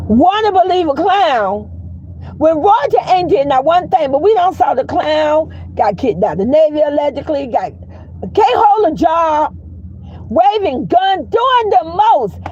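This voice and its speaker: A woman hosting a casual commentary chat, telling stories in a blunt, profane, animated way. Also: very high voice, dull audio. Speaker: commentary livestream host.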